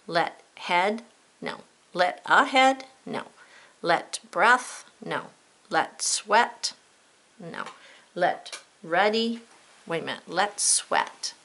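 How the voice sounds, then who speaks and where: A woman teacher with a lowish voice and a noticeable gravelly fry walks children through a spelling worksheet. She talks patiently and step by step, sounding out each word and spelling it letter by letter. She keeps checking in with her young learners. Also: bright, forceful tone. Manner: addresses young learners directly with friendly checks. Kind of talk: recorded spelling lesson.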